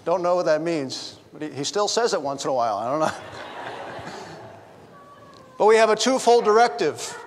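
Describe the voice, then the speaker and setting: A man's voice: a little high, lively intonation, normal speed, pauses often, big-room sound, background noise. A middle-aged man preaching a sermon as a pastor, telling funny family stories and bantering with the congregation. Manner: storytelling with humor, chatty asides to the congregation. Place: church sanctuary.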